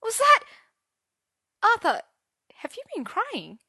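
A woman voicing a flustered young man who stammers and yelps in a high, loud voice. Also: sing-song, normal speed, no room sound, clean studio sound, exaggerated voice. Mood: shocked. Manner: stammering, yelping. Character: flustered young man, shrill when shocked.

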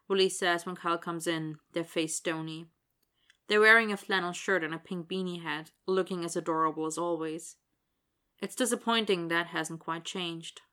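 Woman narrator, low pitch, bright crisp tone, steady and wry. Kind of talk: audiobook narration.

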